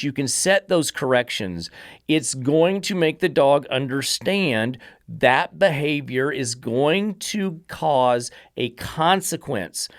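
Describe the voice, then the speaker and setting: Slightly high-voiced, a podcast host who trains dogs talks bluntly and with emphasis, swears now and then, and plays out dogs' inner thoughts in a casual chat. The sound is clean studio audio with no echo.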